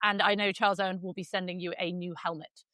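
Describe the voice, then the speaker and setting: A woman's voice: on the low side, flat delivery, quick pace, pushed and bright, dry recording. A woman hosting a podcast in casual chat, teasing her guests and swearing lightly. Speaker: podcast host.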